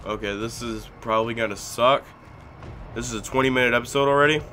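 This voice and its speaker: A young man giving let's play commentary on a game, excitable and pleading loudly with his in-game pet bear. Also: mid-range voice, fast talker, soft background music. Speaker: gaming YouTuber.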